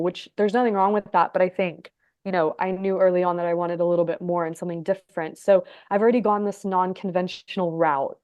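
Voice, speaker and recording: A woman in her thirties from Egypt and Texas, telling her story as a podcast guest in a chatty way, full of "like" and quick laughs. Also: on the low side, fairly even intonation, a little mellow, smooth, no echo. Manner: chatty, lots of "like", laughs often. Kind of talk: casual storytelling interview.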